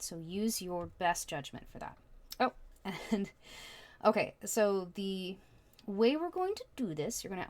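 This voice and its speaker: A woman's voice: medium pitch, a little mellow. A woman giving a casual tarot reading, chatty and prone to rambling. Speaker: tarot reader.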